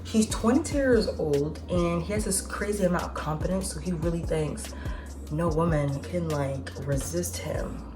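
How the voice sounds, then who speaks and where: Lower-pitched twenty-something woman vlogging, slangy and swearing, music going behind her. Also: moderate pace. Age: 20s. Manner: chatty, slangy and profane, with asides and laughs. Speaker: vlogger host. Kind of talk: casual nostalgic chat.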